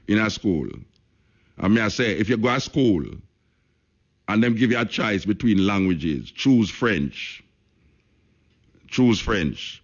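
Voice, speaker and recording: A Jamaican man hosting a radio talk show, speaking patois and hammering his points home by repeating himself. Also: lowish voice. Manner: emphatic, repeats phrases for stress, speaks patois. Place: radio studio. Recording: lo-fi radio broadcast.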